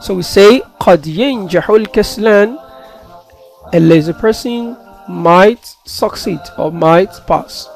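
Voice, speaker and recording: A man's voice: high voice, measured pace, gravelly, faint music behind. A man teaching a grammar lesson, steadily explaining each term and then translating it.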